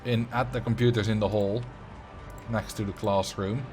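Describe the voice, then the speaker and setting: A man's voice: fairly low pitch, level tone, normal speed, music in the background. A man in his late twenties hosting a livestream, telling rambling anecdotes in casual chat. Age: late 20s. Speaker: livestream host.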